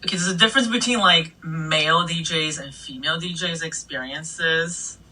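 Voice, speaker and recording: A middle-aged woman DJ recounts her stories in an animated, casual way, cursing freely. Her voice is husky and breathy, and she sits a little back from the mic. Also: deep voice, normal speed. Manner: animated, swears freely, laughs between stories. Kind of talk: casual storytelling interview. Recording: voice a bit distant from the mic.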